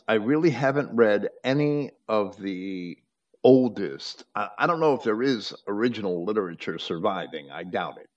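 A man holds forth in a conversational lecture, his voice sitting low but swinging widely in pitch. He trips over his own words, restarting and doubling them. The recording is dull and lo-fi. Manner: stammering restarts, repeats words. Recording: muffled lo-fi audio.

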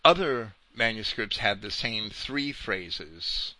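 A man preaching through scripture at an unhurried pace, his tone sharp and forceful. His pitch climbs and drops widely as he presses his points, and the sound is close and dry. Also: expressive, no room sound. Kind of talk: slow verse-by-verse Bible commentary.

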